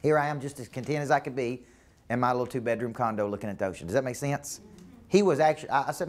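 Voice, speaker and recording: A middle-aged man with a drawl coaches a business team in a meeting room. He talks straight to the crowd and keeps checking in with short questions. His voice sits at an ordinary middle pitch. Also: quick pace. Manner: asks the room questions, repeats for emphasis. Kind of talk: live motivational talk to a team. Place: meeting room with a live audience.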